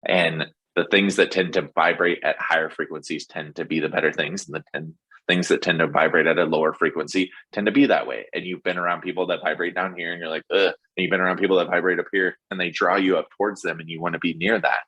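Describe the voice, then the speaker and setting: Casting: low-voiced man, podcast guest, bright, husky tone, rambling and eager. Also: quick pace. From Texas. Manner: rambling, enthusiastic, lots of fillers. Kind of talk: casual interview chat.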